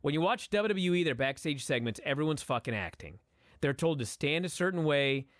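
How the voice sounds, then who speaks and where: A man co-hosting a casual podcast, swearing freely and giving blunt opinions. His voice sits a little high and rises and falls a lot as he talks. The recording is close and dry. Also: fairly quick, dry recording. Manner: profane, opinionated, animated. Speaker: podcast co-host. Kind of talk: casual chat, wrestling review.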